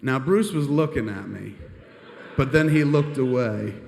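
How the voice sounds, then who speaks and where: A man's voice: medium pitch, a little slow, gravelly, darkish tone, a little hiss or hum. Profane rambling man telling stories on stage. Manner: profane, rambling, self-deprecating. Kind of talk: comedic storytelling monologue. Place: live venue stage. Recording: reverberant live hall.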